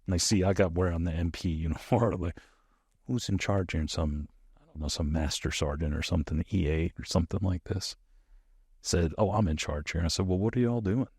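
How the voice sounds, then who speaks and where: A man's voice: deep voice, fairly quick, breathy edge, no echo, studio quality. A middle-aged American man, a former soldier, telling stories casually in an interview and acting out the dialogue. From United States. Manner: animated storyteller, acts out quoted dialogue.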